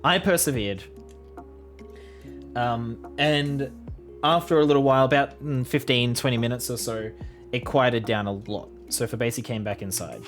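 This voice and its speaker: A young adult woman casually telling a rambling personal story to her vlog audience. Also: rumbling low. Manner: chatty, rambling with fillers. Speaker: vlogger.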